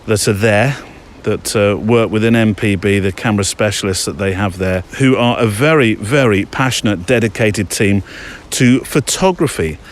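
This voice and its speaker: This podcast host's voice sits on the low side at an ordinary pace, with a little hiss or hum behind it. He strolls through the woods, talking chattily and filling his rambling with lots of fillers.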